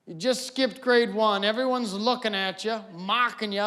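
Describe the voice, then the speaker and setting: A man performing a stand-up comedy set on stage, animated, shouting his punchlines and mimicking characters. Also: high-pitched, moderate pace, few pauses. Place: comedy stage before a live audience.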